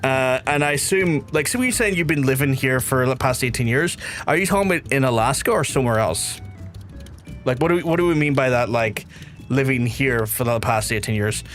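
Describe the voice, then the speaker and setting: A man from Belfast with a softened Belfast accent, streaming a game and chatting casually with viewers in a rambling way, repeating phrases and swearing now and then. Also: medium pitch, brisk, soft background music. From Belfast, Northern Ireland. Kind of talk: casual livestream chat with viewers.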